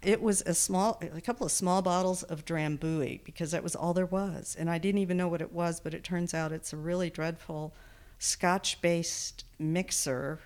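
A woman's voice: on the low side, steady tone, moderate pace, a little mellow. An older retired woman with a Texan accent, talking candidly as a podcast guest, with a self-deprecating humor. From Texas. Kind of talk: interview conversation.

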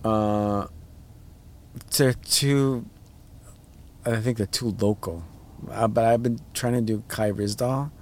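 A man, the guest on a casual podcast, talking in a rambling way and jumping his pitch up when he acts out voices. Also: fairly even intonation, slow, pauses often, a little hiss or hum. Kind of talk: casual chat.

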